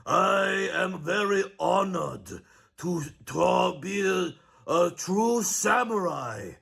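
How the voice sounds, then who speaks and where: A man voicing a grandly formal would-be samurai, speaking with slow, exaggerated bowing politeness in a clip heard from a distance. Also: high voice, lively intonation, creaky, a bit bright, husky, heavily acted. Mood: pompous.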